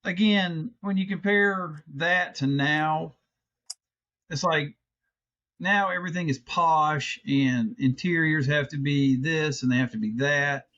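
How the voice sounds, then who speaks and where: A man's voice: a little high, slow, fairly bright tone, highs cut off. A middle-aged man co-hosting a podcast in casual chat, rambling and restarting, swearing freely. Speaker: podcast co-host.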